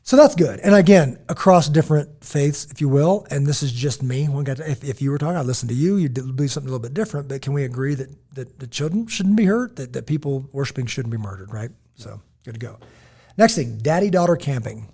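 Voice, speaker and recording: A man in his forties telling animated, rambling stories as a podcast co-host, often checking in with "right?". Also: medium pitch, quick pace, slightly rough. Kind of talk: casual podcast storytelling.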